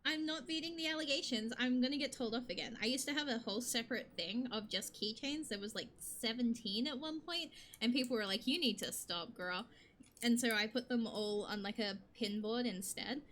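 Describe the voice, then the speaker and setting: Bubbly bright-voiced young woman streamer. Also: a little high, slight background noise. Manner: bubbly, rambling, quick to laugh. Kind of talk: casual chat with stream chat.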